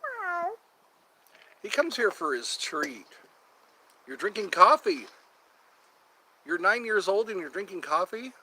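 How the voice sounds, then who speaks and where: A man's voice: high voice, very animated, measured pace, pauses often, bright, forceful tone, breathy edge, poor audio. A man hosting a casual live stream outdoors, rambling, chatting to viewers and a cat, and breaking into bits of old songs. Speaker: livestream host. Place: outdoors near a yard or forest edge.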